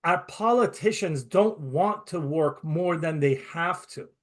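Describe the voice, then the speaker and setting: A man's voice: a little high, a little slow. A male interview host who talks in an emphatic, indignant way and speeds up in bursts. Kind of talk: conversational interview.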